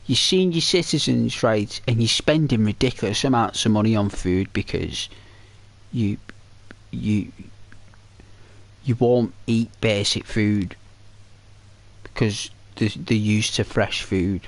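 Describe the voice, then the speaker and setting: A man's voice: fairly low pitch, takes it slowly, vocal fry, pauses often. A man streaming a video game, chatting to his viewers in a rambling, chatty way with many restarts. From Britain. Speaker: gaming streamer. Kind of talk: casual chat to viewers while playing.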